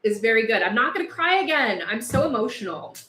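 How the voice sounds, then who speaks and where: A woman with a slightly high voice hosts a casual livestream, talking with passion and laughing between points. She is overheated and sounds it. Her voice echoes in a bare room. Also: big pitch swings, fairly quick, pushed and bright. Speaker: livestream host. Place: house with no air conditioning.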